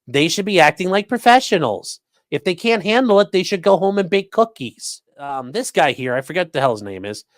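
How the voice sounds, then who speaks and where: A man streaming live commentary in a sarcastic, rambling way, swearing freely. His voice sits somewhat high for a man. The sound is dry and close, with no room around it. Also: lively intonation, fairly quick, no room sound. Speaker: streamer host.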